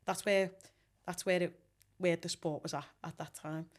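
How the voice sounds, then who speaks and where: A woman's voice: lowish voice, steady tone, moderate pace. A woman in her forties with a Scouse accent, chatting casually as an interview guest, rambling with ums and restarts. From Liverpool, England.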